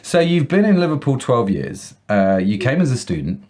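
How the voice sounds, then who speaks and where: A man's voice: mid-range voice, very animated, normal speed. A man hosting a podcast over a video call, bantering and joking, with lots of "uh" hesitations. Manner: warm joking banter, many "uh" fillers. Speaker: podcast host. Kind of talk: casual video-call chat.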